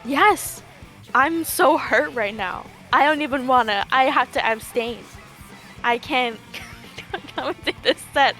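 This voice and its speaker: A woman's voice: sits high, slow, fairly bright tone, soft background music. A young woman commentating a live esports tournament, joking in playful mock outrage and wandering off on tangents.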